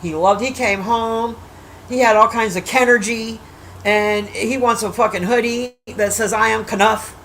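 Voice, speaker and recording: A woman's voice: fairly high pitch, fairly bright tone, slight background noise, poor audio. A woman on a casual livestream, rambling bluntly about a movie, swearing freely and teasing her silent chat. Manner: profane, blunt trash-talking, teasing the chat; rambling with restarts and drawn-out asides.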